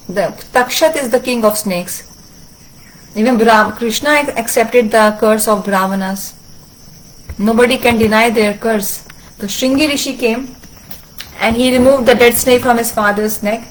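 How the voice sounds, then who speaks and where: A woman translating a religious discourse, telling a sacred story earnestly with frequent halting restarts. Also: on the high side, low-quality recording. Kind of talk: sermon storytelling.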